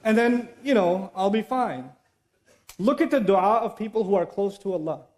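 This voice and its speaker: A man giving a religious lecture in an animated, conversational way, now and then reciting Arabic verses. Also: high voice, normal speed. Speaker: Islamic lecturer.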